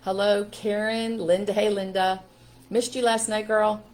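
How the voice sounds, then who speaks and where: A woman's voice: medium pitch, level tone, unhurried, low-quality recording. A middle-aged woman from Pennsylvania hosting a casual live stream as a parenting coach, talking earnestly and greeting viewers by name. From Pennsylvania, USA.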